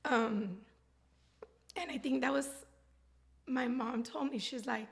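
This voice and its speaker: A woman's voice: high-pitched, measured pace, creaky, long pauses. A woman in her thirties, a guest telling her story candidly in a heartfelt, rambling way. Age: 30s. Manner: heartfelt, rambling, with frequent laughs. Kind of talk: candid personal interview talk.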